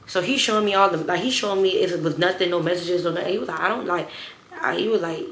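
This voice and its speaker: A woman's voice: on the low side, fast, a bit bright, reverberant. A young woman telling a storytime to her phone camera in a blunt, heated, slangy way, talking straight to her viewers. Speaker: storytime vlogger. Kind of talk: casual storytime rant.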